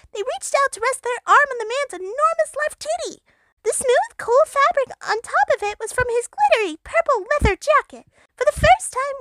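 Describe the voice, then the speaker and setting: A woman with a very high, bouncy voice reads an absurd fanfiction aloud in mock-dramatic style. Her tone is bright and lively, and the recording is dry and close to the mic. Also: no room sound. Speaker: narrator. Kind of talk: comedic fanfiction reading.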